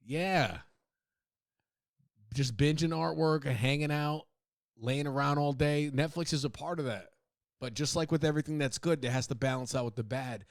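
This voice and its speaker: Studio-quality and echo-free, this podcast host's fairly high voice runs fairly quickly as he jokes through a casual, profane monologue and laughs at his own bits.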